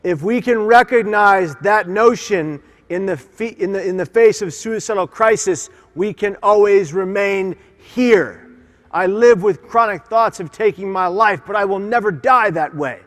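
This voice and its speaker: Male keynote speaker, high-pitched, passionate and emphatic, in a big reverberant conference hall. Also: unhurried. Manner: impassioned, emphatic, leads audience call-and-response. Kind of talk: motivational keynote speech.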